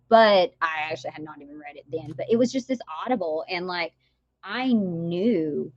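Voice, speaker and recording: A woman guest on a podcast, telling her story in an animated way, full of laughter and quoted voices. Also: lowish voice, dry recording. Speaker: guest, author. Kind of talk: podcast interview. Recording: dull, slightly lo-fi dry sound.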